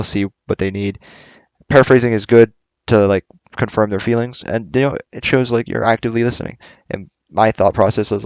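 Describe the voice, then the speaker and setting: Low gravelly man rambling through a book. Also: no room sound. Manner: rambling, hesitant, many fillers and restarts. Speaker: book club host. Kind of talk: casual book summary talk.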